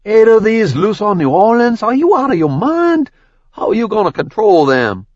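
A man's voice: fairly high pitch, measured pace, fairly bright tone, dry recording, muffled recording, voice pushed up. A man voicing a mouthy, sarcastic young man in an audiobook. He sounds exasperated and talks with a smart-aleck edge. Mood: alarmed.

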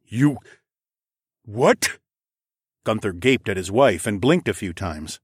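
A man narrating a first-person fantasy audiobook in a measured, steady storytelling manner, recorded on a close studio mic. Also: lowish voice, husky, no echo.

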